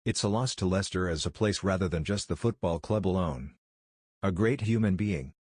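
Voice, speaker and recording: A man with a very low voice reads a news report in a measured, solemn way. The recording is close and dry, with no room sound. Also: darkish tone, breathy edge, no room sound. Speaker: news narrator. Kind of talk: scripted news narration.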